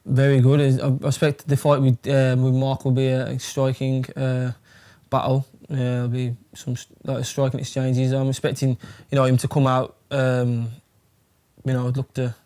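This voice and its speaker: A man's voice: mid-range voice, completely flat delivery, moderate pace, dark tone, smooth. A young man from England, chatting casually in an interview, rambling with plenty of fillers and swearing. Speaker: fighter.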